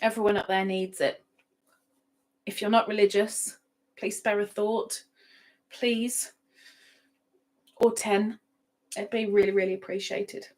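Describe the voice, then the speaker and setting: Woman, live-stream host, unhurried talk, chatty, repeats phrases, laughs often, home setup. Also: medium pitch, little pitch movement, low-quality recording. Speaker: livestream host. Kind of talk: casual live-stream chat.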